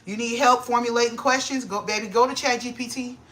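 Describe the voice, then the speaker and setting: Bright-voiced young woman, excitable and slangy. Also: fairly quick. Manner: excitable, slangy, grows loud and high when hyped. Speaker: vlogger. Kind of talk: casual chat to camera.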